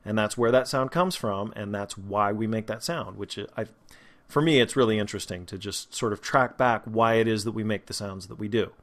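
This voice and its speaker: A man teaching a podcast lesson on vowel sounds, explaining patiently and sounding out each vowel slowly and clearly. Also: lowish voice, a bit bright. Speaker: voice and speech teacher.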